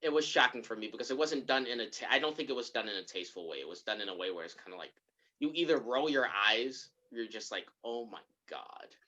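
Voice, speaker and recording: A podcast co-host in casual chat, retelling a movie scene by scene as an animated storyteller. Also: medium pitch, fast talker, highs cut off. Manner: animated storyteller who acts out the characters' lines.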